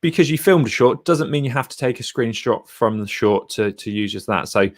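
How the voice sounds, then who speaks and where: A man's voice: mid-range voice, lively intonation, a little fast. A man giving a casual screen-share tutorial on video thumbnails, chatty and blunt as he clicks through pages. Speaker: YouTuber reviewing thumbnails.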